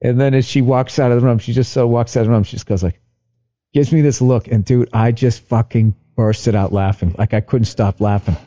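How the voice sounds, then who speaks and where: A middle-aged man, a stand-up comedian, telling a story casually on a podcast, profane and animated as he acts out both sides of an argument. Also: medium pitch, a little fast.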